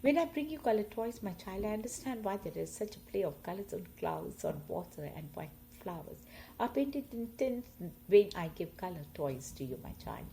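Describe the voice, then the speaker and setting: Woman poetry reader, medium voice, expressive, dynamic delivery. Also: mid-range voice, moderate pace, creaky, a little hiss or hum, low-quality recording. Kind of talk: poetry reading.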